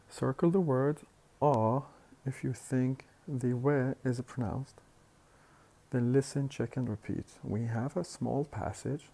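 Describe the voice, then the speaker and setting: A man lecturing on phonetics, explaining slowly and deliberately with hesitant fillers and repeated words. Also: mid-range voice, vocal fry, dark tone. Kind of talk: recorded university lecture.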